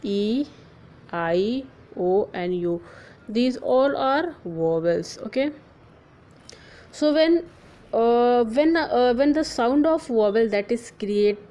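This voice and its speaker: A woman teacher giving a grammar lesson, spelling letters out slowly and often checking in with "clear?" and "okay". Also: a little high, expressive, warm tone, rough recording.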